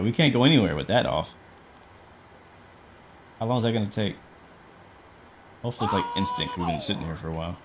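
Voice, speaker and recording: A man with a lowish voice chats casually through a livestream, narrating every step as he goes. His talk is relaxed and loose, full of fillers and restarts, and he stops to answer questions from chat. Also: slight background noise. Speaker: flight sim streamer.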